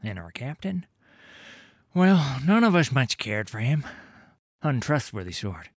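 An actor playing a grizzled, boastful old sailor telling a tale in a tavern, in rough dockside dialect that drops to whispers and rises to roars. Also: male voice, mid-range voice, very animated, unhurried, no echo, clean studio sound. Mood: spinning yarn. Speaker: tavern storyteller. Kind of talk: dramatic audio story narration.

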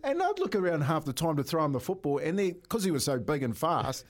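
Chatty New Zealand radio co-host. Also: male voice, on the high side, very animated, quick pace. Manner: chatty storyteller, laughs mid-sentence. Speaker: radio co-host, former rugby player. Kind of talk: casual sports radio banter.

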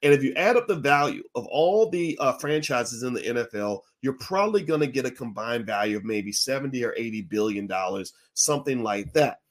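A man talking frankly and bluntly to an audience, jumping from low muttered asides to loud, high exclamations. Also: animated, fairly quick, hardly any pauses. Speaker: speaker. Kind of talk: talk to an audience.

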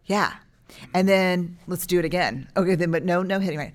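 A woman's voice: lowish voice, a little fast. A woman in her forties talking casually as a podcast guest, animatedly acting out what she would say to a child. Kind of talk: casual parenting chat.

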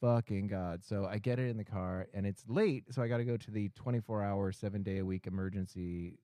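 A man telling a long story in a casual, profane, animated way, often laughing as he talks. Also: fairly low pitch, fairly quick, no room sound, clean studio sound. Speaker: guest storyteller.

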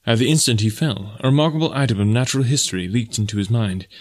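A man narrating an audiobook in a steady, measured storytelling manner. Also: mid-range voice. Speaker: audiobook narrator and podcast host. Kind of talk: audiobook reading.

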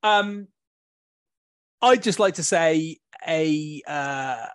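A man's voice: on the high side, extremely slow, a bit bright, clean tone, dry recording, studio quality. A man hosting a casual podcast banter session over a video call, rambling and laughing often. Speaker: podcast host.

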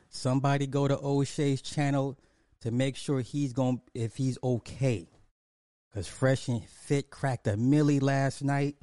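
A man hosts a casual commentary stream, drawing his words out slowly and repeating points for emphasis. His voice is dark and mellow. It is recorded dry, close to the mic. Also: medium pitch, no echo. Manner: drawling, repetitive, emphatic, chuckles often. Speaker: commentary show host.

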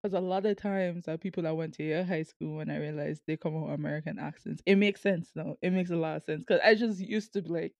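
A woman's voice: deep voice, fairly even intonation, a little fast, vocal fry, hardly any pauses, darkish tone, no echo. A young woman student with a strong Saint Martin Caribbean accent, laughing as she tells stories in a casual chat. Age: young adult. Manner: laughs often, tells stories with quoted voices. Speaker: guest, student.

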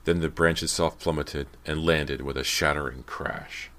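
A man narrates an audiobook in an extremely deep, low voice. His reading is measured and steady throughout. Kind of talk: scripted narration.

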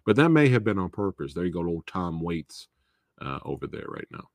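Chatty, low-voiced man reviewing a film. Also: sing-song, brisk, no echo, clean studio sound. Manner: rambling and chatty, with fillers and laughs. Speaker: host of a movie talk show. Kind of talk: casual live movie review.

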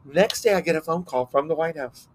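A middle-aged man from Texas, a guest telling animated stories in a casual interview, acting out quotes as he goes. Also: on the high side, fairly quick, slight background noise. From Texas, United States. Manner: animated anecdotes with acted-out quotes.

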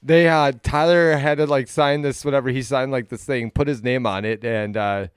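A man's voice: medium pitch, steady tone, normal speed, smooth, dry recording, studio quality. A man co-hosting a podcast, telling a long story in casual, rambling talk full of swearing, fillers and restarts. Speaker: podcast co-host.

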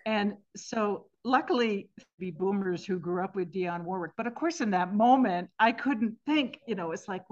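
A woman in her sixties, a podcast guest, telling stories about singing at the end of life in a thoughtful, earnest way with gentle restarts. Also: medium pitch, normal speed. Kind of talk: reflective interview storytelling. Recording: slightly muffled podcast audio.

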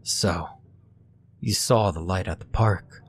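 A man voicing a weary, wary detective who mumbles in a low, blunt way. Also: takes it slowly, husky, full character voice. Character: weary, wary middle-aged male detective.

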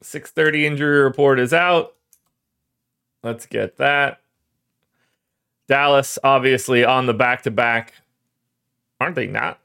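A man's voice: mid-range voice, measured pace, creaky, pauses often, sharp tone, smooth. Young male host, casual and rambling, self-mocking, voice cracking with emotion. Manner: rambling, self-deprecating, emotional about his team. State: voice cracking, choked up. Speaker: fantasy sports podcast host. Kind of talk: casual solo livestream talk.

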